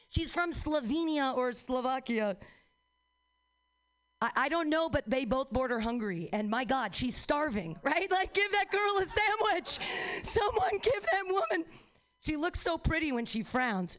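A young woman doing a stand-up comedy set, rambling and profane, with quick self-mocking asides. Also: high voice, fairly bright tone.

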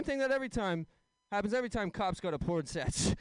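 Young man, stand-up comedian, deadpan jokes, crowd asides, resonant tone, fairly high voice. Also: clean tone, no echo. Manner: deadpan one-liners with quick asides to the crowd. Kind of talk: stand-up set at an open mic.

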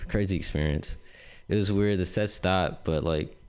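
A man's voice: low voice, slow pace, darkish tone, clean tone. A young man doing stand-up, telling a rambling, profane story full of "like" and "dude". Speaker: stand-up comedian. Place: comedy club stage.

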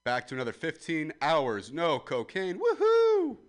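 A man in his twenties doing a stand-up comedy set, ranting loudly at the crowd and then dropping to a mutter. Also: mid-range voice, brisk. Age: 20s. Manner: loud ranting crowd work, swings between yelling and muttering.

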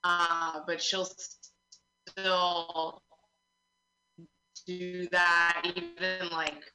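A young woman doing a stand-up comedy set, telling stories in a deadpan way with quick asides. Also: on the low side, reverberant, over music, rough recording.

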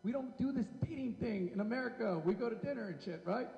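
A man's voice: very high-pitched, lively intonation, quick pace, vocal fry, darkish tone. A man doing a stand-up comedy set on a club stage, brash and profane as he teases the crowd. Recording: echoey hall.

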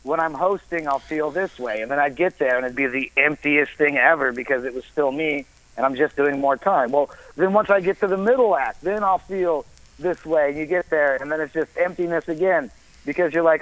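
A man's voice: on the high side, a little fast, a bit bright, rough recording. A man in his thirties, a stand-up comedian, rambling and swearing as he philosophizes about life in casual chat. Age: 30s.

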